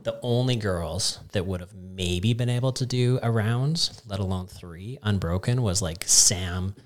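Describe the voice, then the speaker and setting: A man's voice: fairly low pitch, unhurried. A man co-hosting a casual podcast chat in an easygoing, agreeable way. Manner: easygoing, agreeable, backchannels often. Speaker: podcast co-host.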